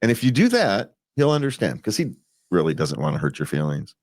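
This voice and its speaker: Low-pitched but swinging widely in pitch, this man speaks fairly quickly as co-host of a relationship advice program. His casual talk wanders, with frequent restarts, repeated words and plenty of chuckles.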